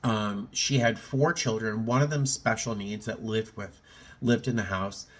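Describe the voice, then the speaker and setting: A man's voice: lowish voice, unhurried. A middle-aged man in a casual personal vlog, talking in a reflective, rambling way with many fillers and restarts, a little choked up. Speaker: vlogger.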